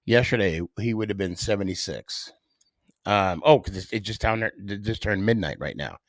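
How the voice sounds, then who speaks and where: Middle-aged male podcast host; lower voice, dramatic pauses, dry close mic. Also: dry recording. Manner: animated storyteller with dramatic pauses. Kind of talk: casual solo podcast storytelling.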